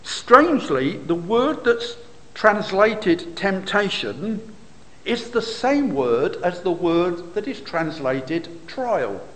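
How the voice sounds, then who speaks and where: A man delivers a sermon at an unhurried, measured pace, walking through scripture and posing rhetorical questions. His voice sits high and swings widely in pitch. The long reverb of a large hall trails after his words. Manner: expository, rhetorical questions, occasional fillers. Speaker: preacher.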